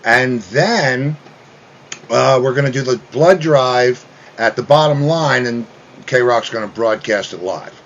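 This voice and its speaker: A man telling a long story in casual chat, animated, mimicking other people with loud raised voices. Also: medium pitch, slow pace, highs cut off. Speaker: guest musician.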